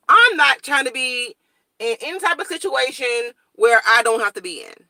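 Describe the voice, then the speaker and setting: A woman's voice: high voice, moderate pace, no room sound. A young woman vlogger, talking blunt and straightforward in a casual morning chat to her viewers. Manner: blunt, straightforward, animated storytelling.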